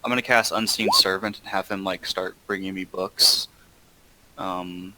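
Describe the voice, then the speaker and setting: A man's voice: low-pitched, fairly even intonation, measured pace, bright, forceful tone, low-quality recording. A man playing a tabletop game, hesitant and playful, with lots of ums. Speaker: player. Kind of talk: casual tabletop play.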